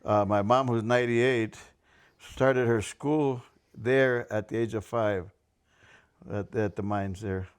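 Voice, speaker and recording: An older man hosting a community storytelling event, chiming in with a relaxed side comment. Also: fairly low pitch, slow pace, smooth. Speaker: host. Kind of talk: casual chat.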